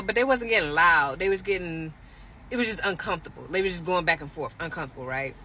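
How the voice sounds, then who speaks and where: Brief: young woman vlogger, bright, lively storytelling to camera, faint hum behind. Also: lowish voice, brisk. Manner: animated, dramatic, talks straight to viewers. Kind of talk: casual storytelling vlog.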